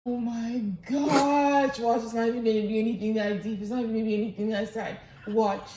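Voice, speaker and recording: A woman co-hosting a casual chat who cuts in with short, blunt, skeptical lines. Her voice sits a little high, and an echoey room adds faint noise. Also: little pitch movement, fairly quick, warm tone. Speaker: co-host.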